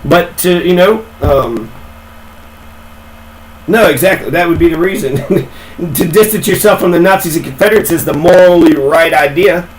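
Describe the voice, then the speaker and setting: A man's voice: fairly high pitch, moderate pace, pauses often, a little hiss or hum, poor audio. A man ranting in a casual, rambling way, swearing a lot and repeating himself. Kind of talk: casual profane rant.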